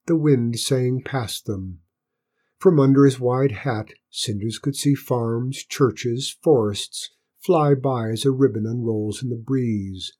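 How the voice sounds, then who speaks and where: A man gently reading a children's storybook aloud as narrator, slow and unhurried. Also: mid-range voice, slightly rough.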